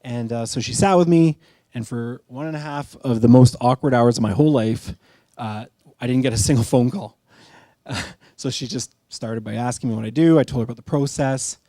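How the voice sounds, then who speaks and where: A middle-aged man shares his own story at a live storytelling night, talking in a candid, conversational way and often making fun of himself. His voice is warm and mellow, and the sound is close and dry. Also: medium pitch, normal speed, no room sound. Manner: candid, conversational, self-deprecating. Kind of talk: personal storytelling talk.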